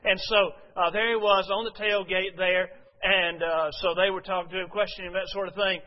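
A man with a high voice preaches to his congregation and speaks to them directly. He tells a long story and pauses often with "uh". The recording is dull and muffled, with a long reverb from a church hall. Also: little pitch movement. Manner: storytelling with frequent "uh" fillers. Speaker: pastor. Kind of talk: sermon.

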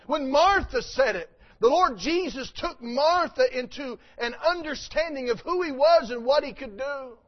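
A man's voice: extremely high pitch, lively intonation, measured pace, few pauses, highs cut off. A man preaching a sermon, reading scripture aloud and then preaching it with rising, emphatic force.

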